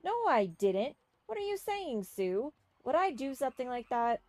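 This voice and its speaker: A woman's voice: high voice, very animated, normal speed, a little mellow, no room sound, soft background music, pitched above the performer's own voice. An indignant boy adventurer from a role-playing game, brash and protesting. A woman reads his lines, in a dry, close sound.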